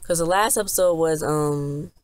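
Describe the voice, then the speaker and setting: Low-pitched woman, casual TV-episode reviewer, rambling chatty recap. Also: normal speed, dry recording. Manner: rambling, chatty retelling with many restarts.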